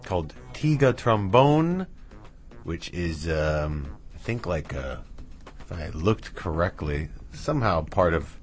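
A man's voice: low-pitched, sing-song, slow. A man hosting a radio music show, back-announcing tracks in a chatty, rambling, self-mocking way with asides to his dog. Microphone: studio mic with headphones.

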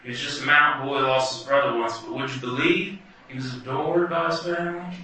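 A man performing a wry, animated first-person story live. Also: mid-range voice, a little fast, a little hiss or hum. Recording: echoey hall from far off.

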